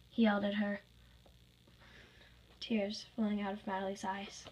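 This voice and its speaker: A woman's voice: mid-range voice, little pitch movement, moderate pace, poor audio. A woman reading her own fan story aloud, plainly, with small slips.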